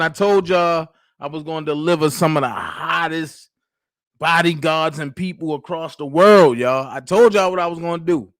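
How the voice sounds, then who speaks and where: High voiced dude hyping up his livestream, loud slangy shoutouts, dry close mic. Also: no room sound. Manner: loud, hyped, slangy call-outs to viewers. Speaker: livestream host. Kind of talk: casual livestream chat.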